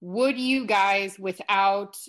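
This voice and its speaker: A woman's voice: medium pitch, slow pace, a bit bright. A woman co-host asking her guests questions in casual conversation. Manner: inquisitive.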